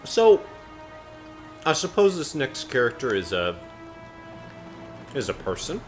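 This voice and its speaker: A man co-hosting a let's play, making deadpan, mock-confident remarks in casual gaming commentary. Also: medium pitch, slow, faint music behind.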